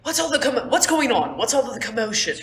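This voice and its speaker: A woman's voice: fairly high pitch, big pitch swings, fast talker, echoey room, a little hiss or hum, pitched above the performer's own voice. A woman doing a grumpy sarcastic sailor man. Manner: grumbling, sarcastic. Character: grumpy male ship worker.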